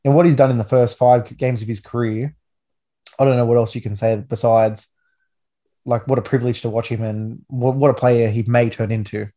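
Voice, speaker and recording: Excited young Australian sports podcaster. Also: male voice, medium pitch, fairly quick. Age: 20s. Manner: enthusiastic, rambling with restarts. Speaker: podcast host. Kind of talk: casual sports chat.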